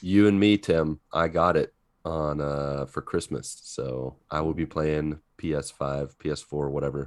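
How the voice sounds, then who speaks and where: A man's voice: a bass voice, fairly even intonation, measured pace, no room sound, studio quality. A man co-hosting a podcast in casual chat, upbeat and jokey, wrapping up the show. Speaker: podcast co-host.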